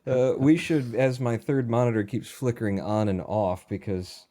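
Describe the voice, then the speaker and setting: A man's voice: medium pitch, fairly even intonation, normal speed, mellow. A man co-hosting a casual chat, rambling and giggling. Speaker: co-host.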